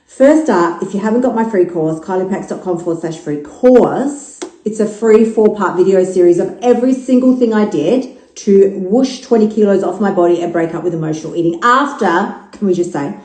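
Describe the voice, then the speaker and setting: A woman's voice: medium pitch, moderate pace, few pauses, roomy sound, poor audio. An Australian woman in her fifties hosting her own podcast, talking frankly with plenty of swearing and jokes. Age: 50s. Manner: frank, profane, jokey, animated storytelling. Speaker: podcast host. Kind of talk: casual podcast monologue.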